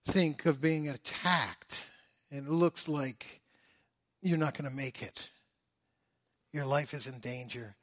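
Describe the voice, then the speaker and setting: Slow-spoken male preacher. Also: no echo, studio quality. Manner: dynamic preaching, swinging from loud emphasis to hushed low phrases. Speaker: pastor. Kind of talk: sermon.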